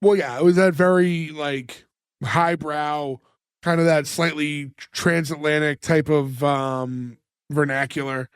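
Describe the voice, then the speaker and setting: A man's voice: a little high, steady tone, slow pace, clear, resonant tone, no room sound, clean studio sound. A man co-hosting a casual podcast, joking and acting out lines while he recaps a sitcom episode. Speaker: podcast co-host.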